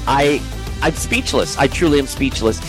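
A man's voice: medium pitch, normal speed, music in the background. Gushing, stammering male fan host. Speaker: YouTube show host. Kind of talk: excited fan reaction commentary.

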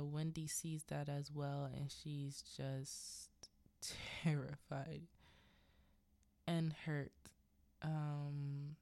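A woman with a lowish voice hosts a casual film-recap podcast. She tells the story in an unhurried, chatty way with lively asides. The sound is dry and close to the mic. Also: dry recording. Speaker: podcast host.

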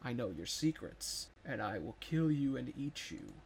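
A man voicing a hungry one-eyed monster that reads minds, speaking low and threatening. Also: very animated, measured pace, creaky, a little mellow, low-quality recording. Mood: menacing.

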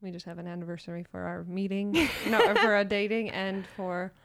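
A young woman co-hosting a podcast, chatting casually and playfully with quick laughs and lively asides. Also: mid-range voice. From small town. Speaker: podcast co-host. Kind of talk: casual chat.

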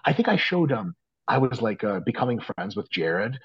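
Male podcast guest; rambling, self-mocking, swears freely; dry husky voice. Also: mid-range voice, very animated, normal speed, no room sound, highs cut off. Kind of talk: casual chat.

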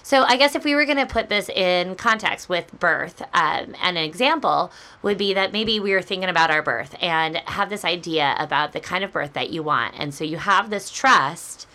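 Woman cohost, bright punchy voice, earnest chatty explaining. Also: lowish voice, lively intonation, moderate pace, few pauses. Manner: earnest, explaining and building on ideas. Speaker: podcast co-host. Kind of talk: casual chat.

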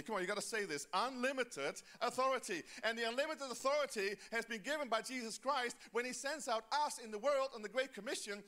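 A man with a high, bright voice preaches a sermon in church. He urges the congregation to answer back and say the verses with him. He moves from loud, drawn-out emphasis to quick, quieter asides. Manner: exhorting the congregation, calls for responses. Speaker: pastor.

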